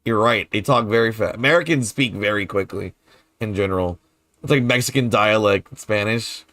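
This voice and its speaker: A man's voice: fairly low pitch, normal speed, a bit bright, dry recording. A man with a New Orleans accent chatting casually while streaming a game, laughing often and swearing loosely. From New Orleans, Louisiana. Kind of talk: casual chat over gameplay.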